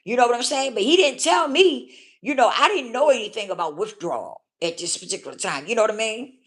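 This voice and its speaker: Blunt, casual woman vlogger with animated pitch. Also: brisk. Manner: blunt, casual, keeps checking in with the listener. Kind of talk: candid personal storytelling.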